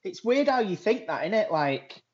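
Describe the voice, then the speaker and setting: A man's voice: high-pitched, very animated, normal speed, a loud crowd. A man co-hosting a podcast, chatting casually, telling little stories and tagging his lines with "innit". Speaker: podcast co-host. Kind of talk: casual chat. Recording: muffled lo-fi remote audio.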